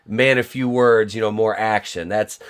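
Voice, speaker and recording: A man's voice: fairly low pitch, steady tone, normal speed, smooth. A man hosting a casual podcast chat, rambling and profane as he tells stories. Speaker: podcast host.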